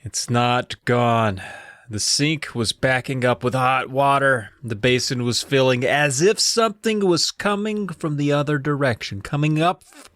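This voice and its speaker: A man's voice: medium pitch, fairly bright tone, no echo, clean studio sound. A man co-hosting a podcast, retelling a horror book casually with many fillers. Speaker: podcast co-host. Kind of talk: comedic book recap narration.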